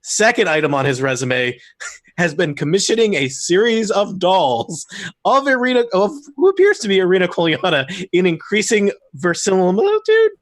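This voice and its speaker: Game master, male, slightly high voice, chatty and rambling, dry mic. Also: sing-song, normal speed, no room sound. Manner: rambling, laughing, self-correcting. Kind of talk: running a tabletop game, casual banter.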